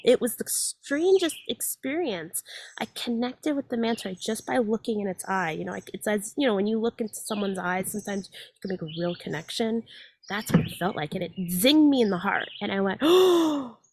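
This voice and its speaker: A woman in her forties, a guest in a casual chat, telling stories in an animated way with plenty of fillers. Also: mid-range voice, moderate pace, slight background noise.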